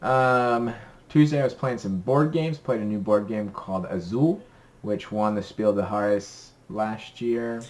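A man's voice: lowish voice, measured pace, a little mellow. A young man co-hosting a podcast in casual chat, rambling and upbeat with many ums. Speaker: podcast co-host.

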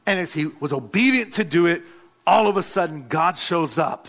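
A man's voice: fairly high pitch, expressive, normal speed, fairly bright tone. A male pastor, preaching a sermon and calling out to the congregation. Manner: exhorting, calls out to the congregation.

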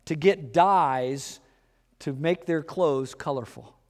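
Animated male preacher in a reverberant hall. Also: slow pace. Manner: animated, acts out dialogue with shifts in pitch and loudness. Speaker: pastor. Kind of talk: sermon.

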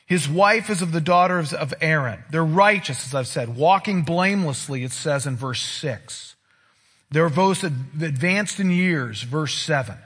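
Male pastor, sermon, emphatic teaching, husky slightly high voice. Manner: expressive, emphatic Bible teaching with dramatic pauses.

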